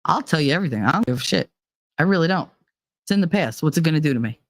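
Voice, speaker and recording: A woman's voice: low voice, lively intonation, rapid-fire, dry recording. Woman host, casual and blunt, swears freely, laughs often; dry, close recording. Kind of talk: casual chat.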